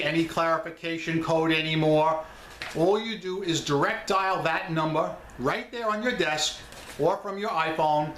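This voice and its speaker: A man's voice: fairly high pitch, fairly bright tone, echoey room, a little hiss or hum. A man with a New York accent, talking straight to his viewers about selling online in a blunt, emphatic way. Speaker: online seller vlogger. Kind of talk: casual chat.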